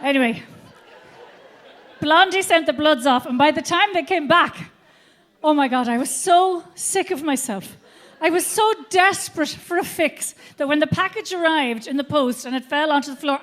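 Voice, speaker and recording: A middle-aged woman with an Irish accent works a theatre crowd through a stand-up routine. Her voice sits high, and she tells the story with lively, foul-mouthed energy. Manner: animated, swearing storyteller. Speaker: stand-up comedian. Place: theatre stage before a live audience.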